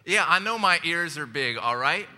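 A male pastor preaches animatedly at normal speed, his fairly high voice pushed and bright. He jokes, recounts something personal and questions the congregation, and the church sound has long reverb with faint background noise.

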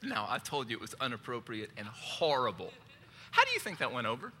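Brisk and pushed, with a bright mid-range voice that swoops wildly in pitch, a male pastor delivers a sermon full of jokes, a personal story and questions aimed at the congregation. Long hall reverb and faint background noise fill the recording.

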